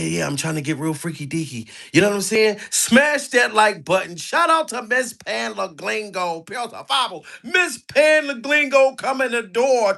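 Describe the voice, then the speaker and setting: A man doing crude, animated commentary on a live stream, hyping up his chat. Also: high voice, vocal fry.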